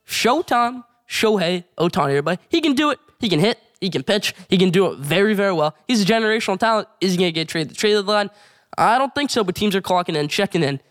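Fast-talking excited sports show host man. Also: sits high. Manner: excited, rapid play-by-play recaps. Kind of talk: casual sports commentary.

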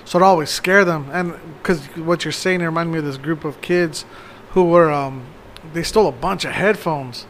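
A man's voice: on the high side, normal speed, fairly bright tone, slight background noise. A man rambling through a story in casual talk, swearing often. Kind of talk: casual chat.

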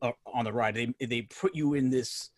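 A man's voice: mid-range voice, moderate pace, dry recording, studio quality. A man with a New York accent, a podcast guest chatting enthusiastically and rambling with many restarts. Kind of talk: casual chat.

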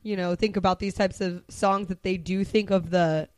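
A young adult woman co-hosting a casual podcast chat, animated and quick to act out quotes. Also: dry recording. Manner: animated, acts out quotes in a high voice. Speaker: podcast co-host.

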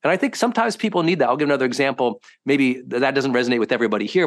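A man hosting a podcast, a high-performance coach telling stories in a lively, conversational way and acting out quotes with sudden bursts. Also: rapid-fire, hardly any pauses. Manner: animated, swings into loud acted quotes. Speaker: host.

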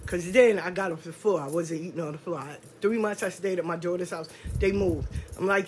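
A middle-aged woman delivers a podcast monologue of personal testimony, telling her life story candidly and emphatically with lots of street slang, swearing, and drawn-out stresses. Her voice is lowish and animated, with a little hiss or hum.

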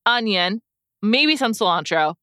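Woman, 30s, co-host. Bright, animated delivery, dry close-mic sound. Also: medium pitch, a little slow, clear, resonant tone, no echo. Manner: chatty, laughs often, self-deprecating. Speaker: podcast co-host. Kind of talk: casual chat.

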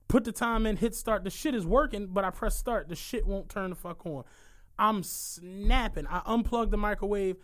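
A man, co-hosting a podcast and telling stories in an animated, profane way. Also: sits high, normal speed. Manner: animated, profane, laughs through his stories. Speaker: podcast co-host. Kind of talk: casual storytelling chat.

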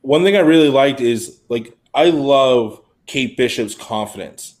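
A man's voice: mid-range voice, unhurried, a little mellow. A man co-hosting a podcast in casual chat, rambling along with plenty of filler words. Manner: rambling, heavy use of "like". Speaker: podcast co-host.

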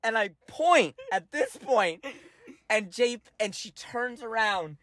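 A man's voice: high voice, slow pace. A man co-hosting a podcast, telling a family story in casual chat and acting out relatives' lines in quoted voices. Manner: animated, acts out family members in quoted voices. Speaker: podcast co-host.

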